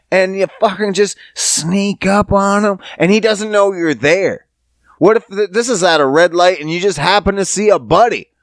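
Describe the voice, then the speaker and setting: A man hosting a podcast, telling profane, animated stories in a casual comedic rant, sometimes putting on voices. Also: sits high, smooth, no echo. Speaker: podcast host. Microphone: podcast studio mic.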